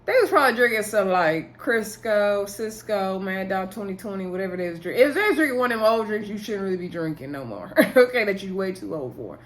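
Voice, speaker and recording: A woman casually recapping a TV episode, telling the story in an animated way, acting out what people said and laughing often. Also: mid-range voice, a little fast, hardly any pauses. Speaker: recap host.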